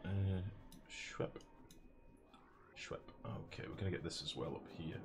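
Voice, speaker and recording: A man's voice: a bass voice, measured pace, noisy background. A man commentating casually on a live game stream, chatty, profane and self-mocking. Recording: music playing behind.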